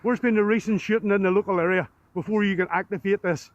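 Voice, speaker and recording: Loud, fast-talking Northern Irish man. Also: high-pitched, steady tone, dry recording. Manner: loud, insistent, argumentative. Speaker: street auditor filming police. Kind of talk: heated confrontation with police. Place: outdoors on a street by a police station. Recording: dull lo-fi street video audio.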